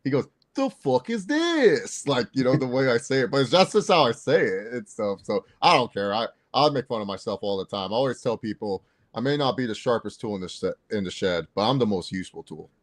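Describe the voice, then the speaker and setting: A man's voice: fairly low pitch, quick pace, few pauses. A man co-hosting a sports podcast, chatting casually, rambling and repeating words and laughing at himself. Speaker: podcast co-host. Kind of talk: casual chat.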